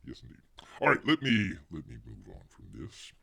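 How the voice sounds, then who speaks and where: A man's voice: a bass voice, huge pitch swings, moderate pace, creaky, sharp tone, breathy edge. A man hosting a casual livestream, rambling to viewers, reading the chat aloud and calling himself Bear in the third person. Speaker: livestream host.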